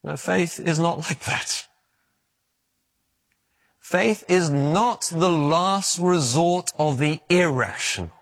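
A man preaching a sermon, telling stories in an animated way, often stumbling and restarting his words. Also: on the high side, slow, gravelly, long pauses. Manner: animated storytelling with stammered restarts.

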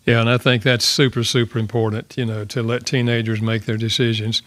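A man, a guest author, telling a personal story in conversation, halting and repeating words, with many "you know"s. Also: mid-range voice, level tone, a bit bright, no room sound.

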